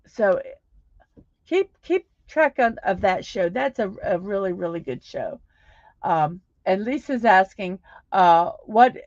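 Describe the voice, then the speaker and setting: Speaking in a mid-range voice, the livestream host rambles casually and reads out what viewers write. She thanks them warmly and keeps starting sentences over, all in dry, slightly dull audio with no room sound.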